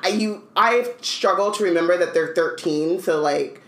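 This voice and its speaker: Animated woman podcaster in a roomy space. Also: lowish voice, measured pace. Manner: animated, playful, says "like" a lot. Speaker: podcast co-host. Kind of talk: casual chat.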